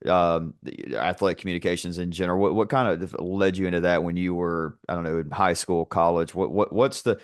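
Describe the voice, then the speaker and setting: A man's voice: sits low, steady tone, a little fast, few pauses, dry recording, clean studio sound. A man hosting a casual interview, asking friendly, rambling questions. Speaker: interview host.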